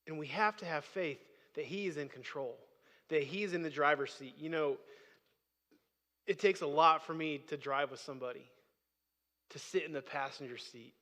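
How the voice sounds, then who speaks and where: In a church sanctuary with long hall reverb, a man preaches a sermon as pastor. His voice is a little high, bright and forceful, at a moderate pace, staying conversational before rising into emphatic bursts.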